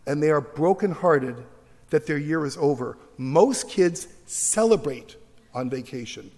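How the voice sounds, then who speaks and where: A man's voice: fairly high pitch, lively intonation, a little slow, a little mellow. A middle-aged man, a teacher, giving a passionate lecture in a university auditorium and acting out the voices of his critics. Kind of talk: animated public lecture. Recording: long hall reverb from the auditorium.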